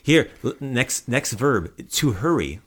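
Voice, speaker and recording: Podcast host, male, fairly low voice, casual patient vocabulary drills. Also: lively intonation, moderate pace. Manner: patient, repeats words for the listener to echo. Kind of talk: casual language lesson.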